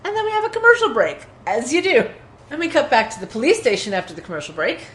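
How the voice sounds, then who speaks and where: A woman with a slightly high voice co-hosts a casual podcast, walking through a TV episode scene by scene. She drifts off on tangents and acts out quoted lines as she goes. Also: fast talker, a little hiss or hum. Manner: animated retelling with quoted lines. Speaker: podcast co-host. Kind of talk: casual recap chat.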